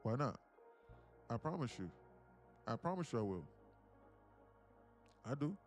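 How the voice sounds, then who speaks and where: A man's voice: mid-range voice, very animated, unhurried, soft background music. Rambling male trading livestreamer. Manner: rambling, repeats words, talks to chat viewers. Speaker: day-trading livestream host. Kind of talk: casual live-stream chat.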